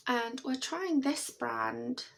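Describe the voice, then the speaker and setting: A woman's voice: fairly high pitch, slow, vocal fry, slight background noise. A British woman chatting to camera at home in a rambling, chatty way, laughing often. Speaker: vlogger. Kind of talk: casual chat to camera.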